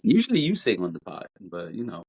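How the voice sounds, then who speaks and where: A podcast co-host whose pitch swings widely. The delivery is animated and opinionated, with a playful teasing edge. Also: brisk, gravelly, husky. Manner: animated, jumps pitch to mimic singers. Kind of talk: casual podcast chat.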